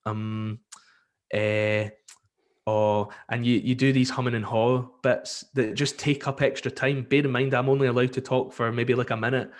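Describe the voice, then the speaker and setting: Scottish radio guy on a podcast, chatty and animated, lots of ums, mid pitch. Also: normal speed. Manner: lively storyteller, acts out callers, many fillers. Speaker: radio presenter, podcast guest. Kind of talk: casual podcast interview.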